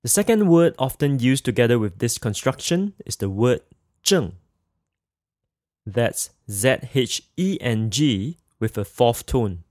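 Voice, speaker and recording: Male language tutor for a scripted lesson: slow and deliberate, repeats every example, mid-pitched voice, dry close sound. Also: a little mellow, no echo. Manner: slow, careful, repeats each example phrase twice. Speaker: language teacher.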